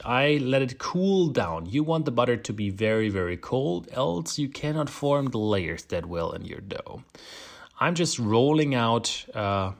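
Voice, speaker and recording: A man's voice: mid-range voice, vocal fry. A man with a German accent, hosting a casual baking tutorial, chatty and self-deprecating, laughing often. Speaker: home baker, channel host.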